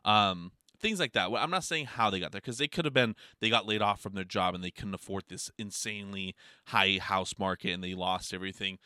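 A man's voice: on the low side, brisk, few pauses, clear, resonant tone, no echo, studio quality. A man telling a story in a casual, rambling monologue, swearing a lot and filling his talk with "like" and "you know.". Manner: profane, heavy filler words, rambling; animated storytelling with laughs.

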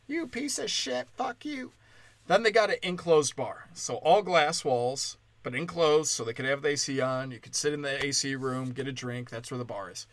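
A man's voice: medium pitch, normal speed, hardly any pauses, fairly bright tone, no echo. A man telling a crude stand-up comedy story, ranting and acting out the people in it. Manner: crude, ranting, acts out quoted voices. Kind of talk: podcast-style comedy storytelling.

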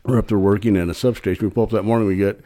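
Older guy spinning folksy work stories, a bit low voiced, cusses and laughs a lot. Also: fairly even intonation, racing, warm tone. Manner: folksy, profane, laughs through his own stories. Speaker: podcast guest. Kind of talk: casual storytelling.

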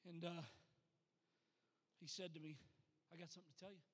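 A man, a pastor, preaching a sermon. He talks plainly at times and builds to loud, rhythmic preaching at others. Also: a little high, little pitch movement, fairly quick, long reverb tail.

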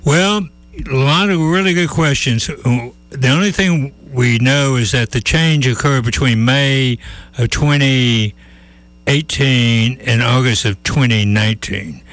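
A man's voice: medium pitch, slow, fairly bright tone. A man hosting a call-in radio show, chatty and folksy, with many restarts. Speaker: radio talk show host.

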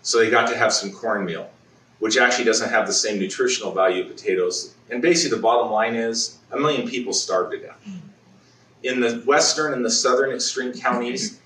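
A man delivering a conversational sermon in a church, often restarting his sentences and clearing his throat. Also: medium pitch, fairly quick, sharp tone, echoey room, recorded from a distance, a little hiss or hum, rough recording. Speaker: preacher. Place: church sanctuary.

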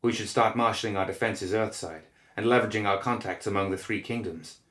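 A man's voice: lowish voice, fairly even intonation, a little fast, a bit bright, lightly acted. A man voicing a fearful young ally who stutters anxiously, recorded in an echoey room.

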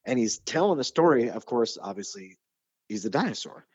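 A man's voice: mid-range voice, a little fast, breathy edge, dry recording, lo-fi sound. A man hosting a podcast, telling stories in a casual chat and getting passionate and nerdy about his subject. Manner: animated storyteller, gets excited and nerdy. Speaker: podcast host.

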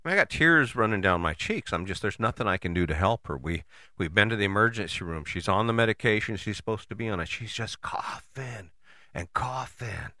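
A man giving a casual motivational talk, conversational and animated, with frequent rhetorical questions and the odd curse word. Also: fairly low pitch, brisk, no echo, studio quality. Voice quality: casual, swears freely. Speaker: motivational host. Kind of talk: motivational monologue.

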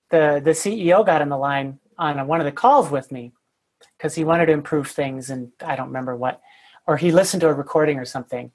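Husky low-voiced woman telling a candid story. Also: darkish tone. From United States. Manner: candid, self-deprecating, many fillers. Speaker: guest, sales consultant. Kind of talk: casual podcast storytelling.

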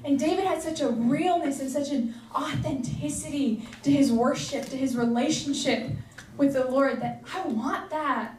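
A woman's voice: sits high, moderate pace, a little mellow. A young woman giving a casual, earnest sermon, chatty and full of fillers. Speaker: preacher. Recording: echoey room, voice from far off.

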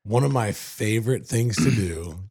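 A man co-hosting a casual chat, telling stories in an animated way with plenty of filler. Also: on the low side, normal speed, breathy edge. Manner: animated storyteller, fillers like "dude". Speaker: podcast co-host.

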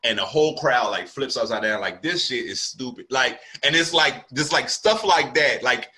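Bright-voiced laughing male comic. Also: medium pitch, animated, normal speed. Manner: laughs often, loose slangy storytelling. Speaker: comedian and podcast host. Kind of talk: casual chat.

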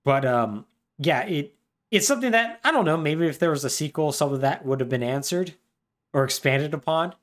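A man co-hosting a podcast, casually retelling a game's plot and slipping into quick voices for the characters. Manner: animated, lively pitch, puts on brief voices for characters. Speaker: podcast co-host.

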